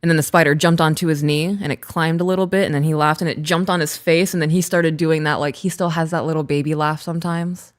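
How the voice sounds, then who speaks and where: A woman in her thirties, co-hosting a casual chat and telling a story in an animated way, laughing as she talks. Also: low-pitched, fast, few pauses. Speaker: podcast co-host.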